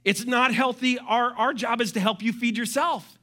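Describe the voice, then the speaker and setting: A middle-aged man preaching a sermon as pastor, animated, with joking asides and quoted voices. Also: very high-pitched, moderate pace.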